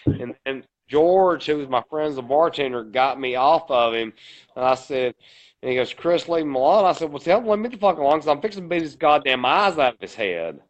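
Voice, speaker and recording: In dull, lo-fi podcast audio, a man co-hosting a casual chat tells a lengthy, rambling story full of swearing. His voice is mid-range and animated, at a normal speed.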